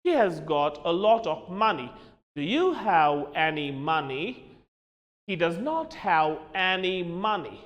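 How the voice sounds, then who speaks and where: A man's voice: sits high, sing-song, slow pace, a bit bright, long reverb tail. A man teaching a lesson, emphatic, spelling words out letter by letter and slipping into Hindi asides. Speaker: English teacher. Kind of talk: classroom lesson.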